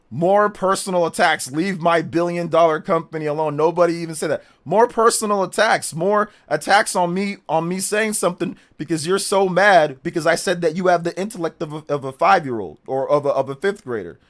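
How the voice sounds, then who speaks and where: A man's voice: fairly high pitch, brisk, few pauses, a bit bright. A middle-aged man streaming live, combatively mocking viewers in his chat and laughing them off.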